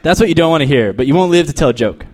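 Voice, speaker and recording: A young man from Texas works through a crude, deadpan stand-up set, with frequent restarts and stumbles. His voice sits a bit high and swings widely in pitch. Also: rapid-fire, some chatter behind. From El Paso, Texas. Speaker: stand-up comedian. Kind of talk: stand-up set and casual interview.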